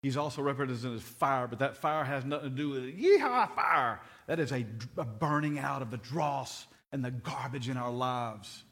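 A man's voice: mid-range voice, steady tone, moderate pace, few pauses, a bit bright. A middle-aged man preaching a sermon, telling stories earnestly and often repeating his words.

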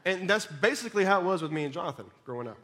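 A man preaching a sermon in an emphatic way, swinging between loud and soft and repeating words when he stumbles. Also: high voice, lively intonation, rapid-fire.

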